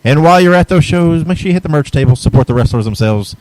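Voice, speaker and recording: A man's voice: a little high, expressive, fast talker, darkish tone, no room sound, poor audio. A man hosting a wrestling podcast, chatting casually and reading out plugs for upcoming shows. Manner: easygoing, chatty, reads show plugs. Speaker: podcast host.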